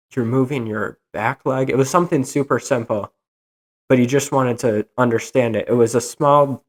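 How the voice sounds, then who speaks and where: A young man hosting a solo podcast, ranting in an exasperated, animated way. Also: mid-range voice. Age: young adult. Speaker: podcast host.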